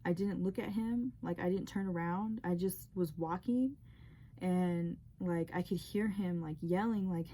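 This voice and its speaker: A woman's voice: fairly low pitch, a little slow, warm tone, a little hiss or hum. A young woman telling a personal dream story in a rambling, emotional way, with many fillers. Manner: rambling, heavy use of "like". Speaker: vlogger sharing a testimony.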